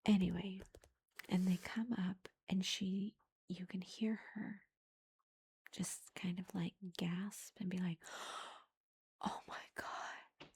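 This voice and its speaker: Breathy whispering woman, ASMR book review. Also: on the low side, fairly even intonation, takes it slowly, dark tone. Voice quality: unvoiced whisper. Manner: rambling retelling full of "like" and "you know".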